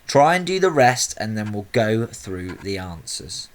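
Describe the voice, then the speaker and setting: A man's voice: lowish voice, sing-song, unhurried, a little hiss or hum. A man teaching a spelling lesson to young schoolchildren, explaining patiently and sounding out words syllable by syllable. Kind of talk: recorded spelling lesson for children.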